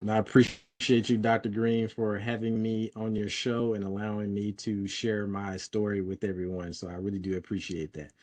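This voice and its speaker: Male interview guest, lowish voice, casual, lots of ums and restarts. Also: flat delivery, moderate pace, hardly any pauses, darkish tone. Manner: hesitant, many fillers and restarts.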